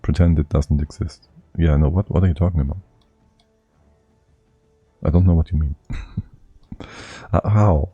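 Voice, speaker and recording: A man's voice: rumbling low, fairly even intonation, normal speed, long pauses, mellow, breathy edge, no echo, muffled recording, soft background music. A man streaming a strategy game live, thinking aloud and muttering to himself as he plays.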